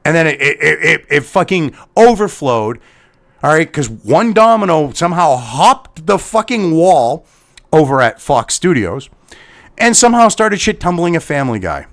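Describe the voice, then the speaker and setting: A man's voice: on the high side, big pitch swings, normal speed, fairly bright tone. A man ranting as a commentator, heated and sarcastic, swearing constantly. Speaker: online commentator. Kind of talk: angry profane rant.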